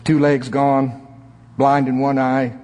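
A man preaching a sermon, with sudden climbs in pitch and slow, drawn-out emphasis. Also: flat delivery, darkish tone. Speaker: pastor. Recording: echoey hall reverb.

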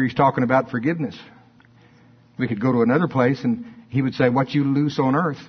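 A man preaching a sermon, swinging between high emphatic bursts and low, quiet asides. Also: slightly rough. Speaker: pastor. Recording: dull lo-fi sermon recording.

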